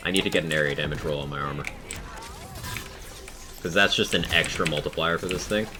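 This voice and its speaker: A man's voice: a bass voice, a little fast, long pauses. A man streaming a video game live, chatting casually and explaining game mechanics to his viewers. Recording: noisy live-stream audio.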